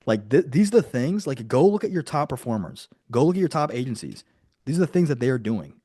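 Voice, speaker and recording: Chatty, energetic man coaching live. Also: medium pitch, fairly quick, husky, dry recording, studio quality. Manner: energetic and chatty, full of asides. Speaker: business coach. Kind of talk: live online coaching lesson.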